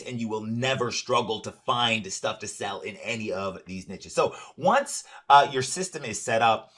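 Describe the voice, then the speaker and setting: A man with a mid-pitched voice gives an upbeat screen-share walkthrough of a software product. He speaks straight to the viewer and keeps stressing how easy each step is, with plenty of "uh" and "right?" fillers along the way. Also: breathy edge. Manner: stresses ease, direct to the viewer. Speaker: presenter demonstrating software.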